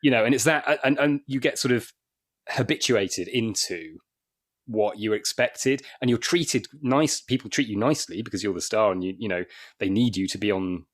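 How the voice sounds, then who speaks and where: A man's voice: lowish voice, normal speed. A man chatting as a comedian guest on a podcast, rambling with many restarts and little acted dialogues. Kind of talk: casual podcast chat.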